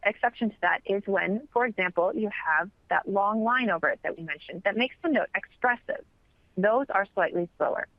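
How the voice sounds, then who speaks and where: A woman teaching chant in an instructional webinar, explaining patiently and clearly. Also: mid-range voice, dry recording, dull audio. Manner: clear, patient explaining, sings brief examples.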